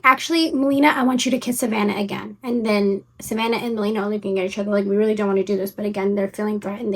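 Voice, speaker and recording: Fast-talking young woman recapping drama. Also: medium pitch. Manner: rapid, filler-heavy retelling with quoted voices. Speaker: commentary YouTuber. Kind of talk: casual storytelling recap.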